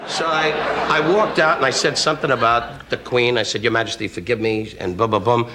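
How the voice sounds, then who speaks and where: A man's voice: mid-range voice, lively intonation, a crowd in the background. Male comedian guest, brash insult storyteller, archival TV hiss. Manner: rapid brash insult humor, acts out other voices. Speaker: talk show guest comedian. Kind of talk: comic storytelling on a talk show. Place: TV studio. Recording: noisy archival TV audio.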